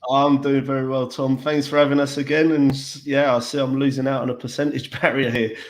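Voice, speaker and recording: A man with an English accent, a podcast guest talking football in an easygoing, relaxed way. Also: mid-range voice, brisk. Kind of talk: casual football podcast chat. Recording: echoey room.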